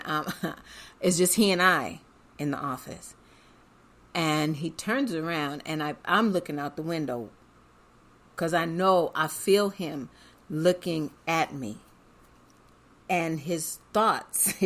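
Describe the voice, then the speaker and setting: A woman's voice: sits low, takes it slowly, pauses often. A woman hosting a podcast, telling a personal story in a chatty way and often laughing as she talks. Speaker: podcast host.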